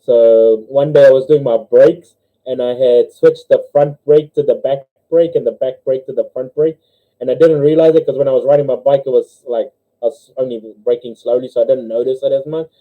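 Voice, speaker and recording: A young man with a New Zealand accent, hosting a casual livestream, telling jokes and stories, giggling often and squeaking when he voices characters. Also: fairly even intonation, moderate pace. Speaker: livestream host. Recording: dull lo-fi livestream audio.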